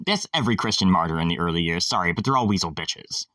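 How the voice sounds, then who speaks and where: A man's voice: sits low, animated, quick pace, few pauses, bright, forceful tone, no echo, studio quality, far from the mic. A man hosting a casual monologue, rambling, sarcastic and irreverent, swearing freely.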